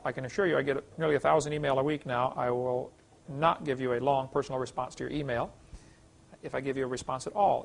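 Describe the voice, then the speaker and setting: A man's voice: medium pitch, gravelly. A middle-aged man teaching a creation science class, lecturing in a folksy, emphatic way and reading scripture aloud.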